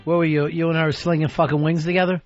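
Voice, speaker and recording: A man's voice: a little high, flat delivery, fast talker. A man hosting a radio talk show, teasing his co-host with sarcastic jabs in casual banter. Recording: dull radio broadcast with faint music.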